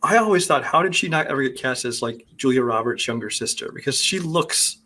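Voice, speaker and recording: Male co-host, mid-pitched, critical, rambling casual movie talk. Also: lively intonation, fairly quick, sharp tone, slight background noise. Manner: critical, rambling, many fillers. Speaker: podcast co-host.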